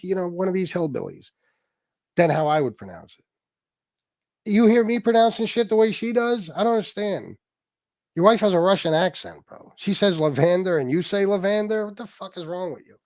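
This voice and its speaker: Profane, mocking livestream host, dry sound. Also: male voice, on the high side, dry recording. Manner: profane, mocking, lively storytelling. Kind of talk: casual livestream commentary.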